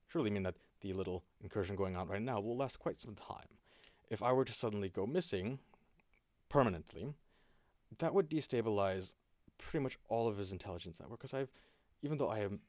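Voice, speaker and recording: A man's voice: on the low side, lively intonation, brisk, long pauses, darkish tone, no room sound, close to an everyday voice. A man voicing a secretive, sardonic male spymaster who talks in dry, long-winded warnings. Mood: explaining.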